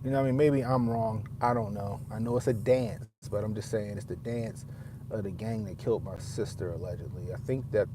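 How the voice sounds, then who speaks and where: A man's voice: mid-range voice, mellow, a little hiss or hum. A man giving a casual, profane commentary, rambling and often repeating himself as he restarts his thoughts. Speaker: father.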